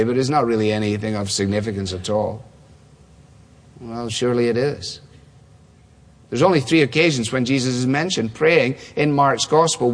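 A man preaching a sermon in a conversational way, full of rhetorical questions and small restarts. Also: medium pitch. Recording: long hall reverb.

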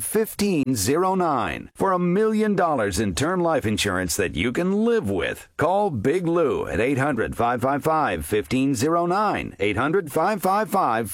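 Male announcer, dry booth sound, deadpan brisk pitch, lively intonation. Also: no echo. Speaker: radio ad announcer. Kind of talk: scripted comic radio ad.

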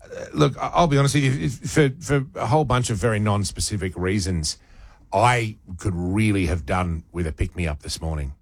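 Chatty radio host, low dry voice. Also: male voice, normal speed, no room sound. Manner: chatty, playful, wry asides. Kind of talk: casual on-air banter and reading a news story. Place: radio studio. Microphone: studio microphone.

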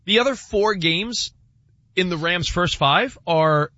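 A man co-hosting a casual sports talk show, animated and teasing as he goes through a team's schedule. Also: high voice, slow, dry recording, dull audio. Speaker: sports radio co-host.

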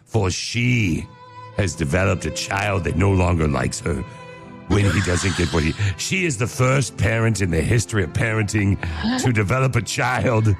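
Male radio host, gravelly and low, jokey teasing banter. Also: animated, normal speed, faint music behind. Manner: joking, teasing.

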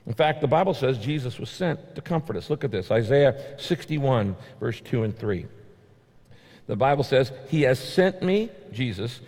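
A man's voice: medium pitch, lively intonation, moderate pace, a little mellow. A male pastor preaching a sermon, emphatic and repetitive, his voice rising sharply on key points. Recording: long hall reverb.

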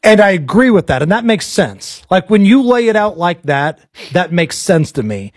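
A man with an American accent hosting a casual political talk show, blunt and animated, pressing his guest with pointed questions. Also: sits high, normal speed, dry recording, studio quality.

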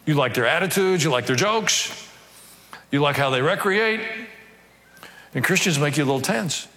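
A man's voice: fairly high pitch, expressive, pushed and bright. Man preaching with a dry wit in a large reverberant hall. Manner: conversational preaching with wry asides; reads scripture aloud in slower measured tones. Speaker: pastor. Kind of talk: sermon.

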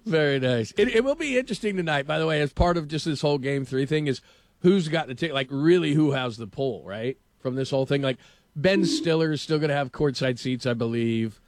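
A man's voice: a little high, a little fast, no echo, studio quality. A man hosting a sports radio show, telling a story in a rambling way, with many fillers and frequent laughter. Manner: rambling, laughs often, lots of fillers and restarts. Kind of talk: casual morning radio chat and storytelling.

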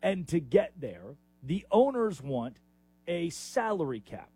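Animated, husky-voiced sports radio host. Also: male voice, a little high, takes it slowly, dry recording. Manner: animated, opinionated, emphatic with sudden rises. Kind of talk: sports talk radio monologue.

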